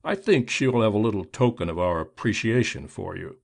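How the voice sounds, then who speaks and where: A man voicing a smooth-talking male gentleman crook who speaks in a suave, confident, persuasive way. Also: lowish voice, animated, brisk. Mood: smooth bluff.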